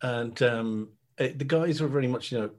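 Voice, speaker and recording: An Irish man chatting on a podcast, animated and laughing, mimicking other people's voices, a little out of breath. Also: mid-range voice, normal speed. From Ireland. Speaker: guest. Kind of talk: casual podcast chat.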